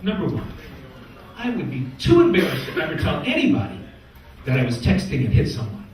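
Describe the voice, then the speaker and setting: A man's voice: a little high, huge pitch swings, fairly quick, darkish tone. Male comic doing a prim lecturing wife, far from the mic in a roomy space. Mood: scolding. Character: stern humorless wife, lecturing. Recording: echoey room from far off.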